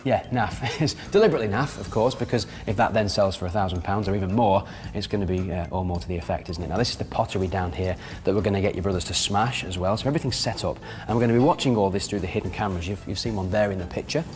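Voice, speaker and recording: A man's voice: sits low, very fast, hardly any pauses, a little mellow, long reverb tail. A man presenting a prank show on location in an upbeat, jokey way. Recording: music over the voice.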